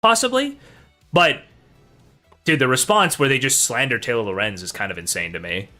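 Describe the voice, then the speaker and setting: A man streaming in casual chat, playful and animated. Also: medium pitch, normal speed, soft background music.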